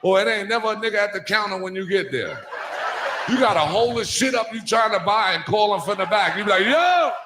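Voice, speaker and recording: A male stand-up comedian telling profane stories on a club stage, slipping into quick character voices. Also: high voice. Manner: brash, profane storytelling with quick put-on voices. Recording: echoey live club recording with crowd noise.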